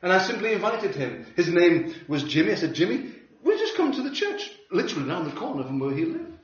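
A man preaching a sermon, telling a story with wry humor and lively delivery. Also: sits high, quick pace. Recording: roomy hall from a distance, dull sound.

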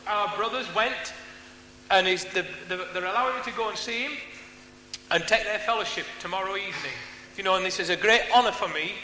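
A man's voice: high-pitched, sharp tone. A man giving an earnest, rambling church testimony about his time in prison, speaking into a microphone he is not used to. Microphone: handheld mic, unfamiliar to him. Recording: echoey hall with faint hum.

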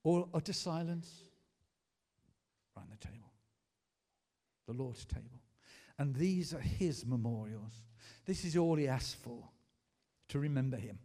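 A man's voice: mid-range voice, expressive, measured pace, pauses often, warm tone. A man, a pastor preaching a sermon in a school hall, emphatic, asking the congregation to repeat and answer back. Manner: emphatic preaching with call-and-response.

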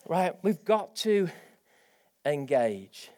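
A man delivering a lively church sermon, his voice pitched high for a man. He preaches with energy, pushing his delivery upward into eager exclamations as he drives each point home. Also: normal speed. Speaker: pastor.

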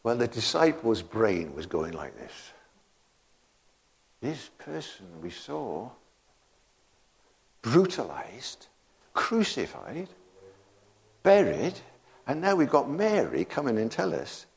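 Slow, emphatic male preacher. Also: medium pitch, very animated, a little mellow. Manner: slow, emphatic preaching with bursts of laughter and rising exclamations. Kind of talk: sermon.

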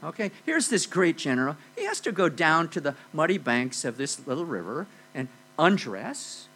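A man delivers a sermon to a congregation, retelling a Bible story with an animated, swooping delivery. His voice is bright and a little husky. A low electrical hum sits under the recording. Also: normal speed, rough recording. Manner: animated storytelling with frequent "okay?" and "you know". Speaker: preacher.

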